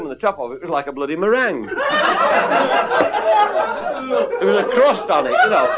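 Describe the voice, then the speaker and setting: A man's voice: high voice, heavy background noise. A man telling an earthy, swearing comic anecdote to a live audience and chuckling through his lines. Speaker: storyteller. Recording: loud live audience laughter.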